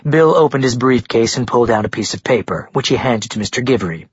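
A man with a husky voice reading a novel in even, measured narration. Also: mid-range voice, no room sound. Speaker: audiobook narrator. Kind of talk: scripted narration. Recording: dry, dull lo-fi recording.

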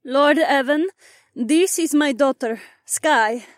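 A man's voice: very high voice, takes it slowly, no echo, studio quality, voice pushed up. A man voicing a polite, formal middle-aged noblewoman in an audiobook.

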